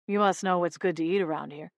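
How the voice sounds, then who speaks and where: A woman voicing a smooth, teasing adult man in an audiobook, with a calm, dry, low-key delivery. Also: quick pace, dry recording. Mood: calm, businesslike. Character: smooth, teasing adult male monster hunter. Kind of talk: audiobook character voice.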